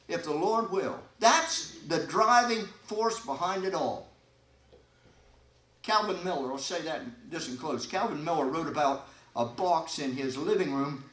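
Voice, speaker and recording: A man preaching a sermon as pastor, folksy and animated, with sudden loud emphasis and quiet asides. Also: on the high side, unhurried. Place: church sanctuary. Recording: echoey church hall.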